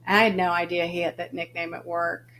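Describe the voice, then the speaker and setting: A woman's voice: fairly low pitch, fairly quick, a little hiss or hum, poor audio. A woman, a podcast guest, telling stories about her late son in casual conversation, acting out the dialogue as she goes. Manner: animated storyteller who acts out quoted dialogue. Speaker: podcast guest, grieving mother.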